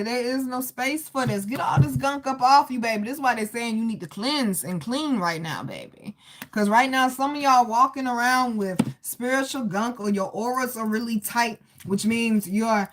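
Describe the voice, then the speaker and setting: A woman with a somewhat high voice giving a casual live tarot reading. She talks loosely and warmly to her viewers, calling them baby and boo. She breaks off to laugh and to greet people in the chat. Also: a little hiss or hum. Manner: chatty, calls listeners baby and boo. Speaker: tarot reader.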